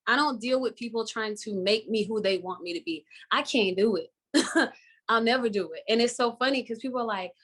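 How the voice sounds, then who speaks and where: Bright, emphatic southern woman. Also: on the high side, fairly quick. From Florida, US. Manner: emphatic, animated, laughs often. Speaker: actress guest. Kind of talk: live interview conversation. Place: online video call.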